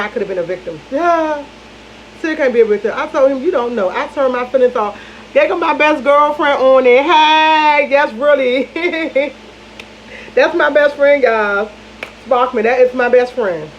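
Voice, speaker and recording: Woman vlogger, higher voice, casual storytime gossip, faint hiss on the track. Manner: animated gossip, repeats lines for emphasis, talks to viewers as "y'all". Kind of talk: casual storytime chat to viewers. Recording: dull lo-fi audio with faint noise.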